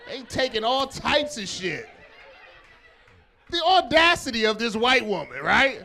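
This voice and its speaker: A man doing a loud, profane stand-up set on a comedy club stage, working the crowd. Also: extremely high pitch, unhurried, creaky, long pauses, slight background noise. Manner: loud, animated, profane storytelling with crowd work.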